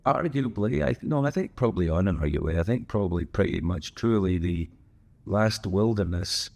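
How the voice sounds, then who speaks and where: A man's voice: sits low, lively intonation, moderate pace, gravelly, darkish tone. A man hosting a podcast, talking on his own in a casual, rambling way full of wry asides and digressions. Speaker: podcast host. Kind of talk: casual solo chat.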